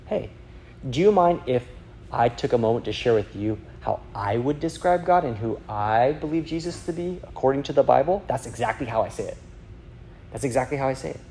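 A man's voice: mid-range voice, darkish tone. A man giving a chatty teaching talk on sharing faith, full of fillers and acted-out quotes from a personal story. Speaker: youth evangelism speaker.

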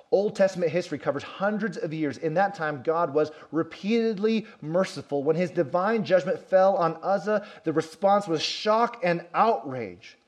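A pastor preaching a sermon, telling a story and acting out quoted lines with rising and falling emphasis. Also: male voice, a little high, expressive, moderate pace.

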